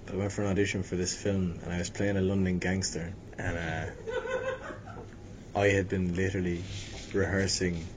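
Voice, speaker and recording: Young Irish actor, low voice, rambling casual chat over a rumbling noisy room. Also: male voice, a little mellow. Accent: Irish, Limerick. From Ireland. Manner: rambling, self-deprecating, many restarts. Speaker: actor guest. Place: hotel venue.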